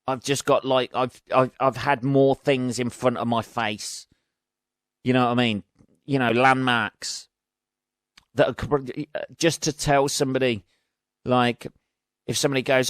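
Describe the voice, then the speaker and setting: Sweary rambling English podcast host. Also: male voice, mid-range voice, fairly even intonation, a little slow, long pauses, dry recording, clean studio sound. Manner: rambling, sweary, darkly joking; acts out both sides of imagined chats. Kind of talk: casual solo monologue.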